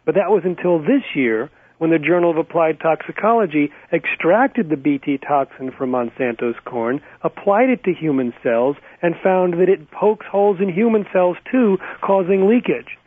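A man's voice: fairly high pitch, lively intonation, dry recording. A man speaking as a guest in a radio interview, insistent and packed with facts. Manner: rapid, insistent, fact-heavy. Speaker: guest activist. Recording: phone line, dry.

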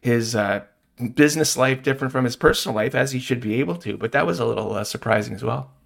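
A man's voice: medium pitch, fast talker, gravelly. A man hosting an interview, asking easygoing, folksy questions with small hesitations. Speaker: podcast interviewer. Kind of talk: conversational interview.

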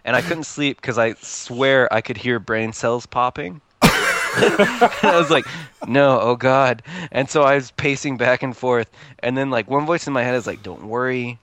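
A man's voice: mid-range voice, normal speed, a bit bright, a little hiss or hum. A man co-hosting a podcast, telling rambling stories in casual chat and laughing often. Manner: rambling storytelling with frequent laughs. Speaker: podcast co-host.

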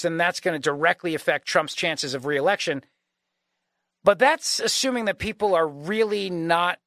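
A man with a high, bright-edged voice delivers an opinionated talk radio monologue. He presses his points with rhetorical questions. The studio sound is dry and close. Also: dry recording. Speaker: radio talk show host.

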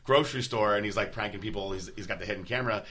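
A man's voice: lowish voice, racing, slight background noise. A man co-hosting a podcast, chatting casually and retelling stories with acted-out quotes. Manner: animated storyteller who acts out quotes. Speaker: podcast co-host. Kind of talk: casual chat.

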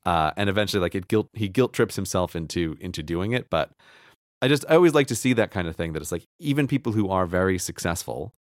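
A man's voice: low-pitched, expressive, fast, no echo, studio quality. A man co-hosting a podcast, talking through a book in a casual, enthusiastic way, full of "like" and restarts, sometimes teasing his co-host. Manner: enthusiastic, filler-heavy, teasing.

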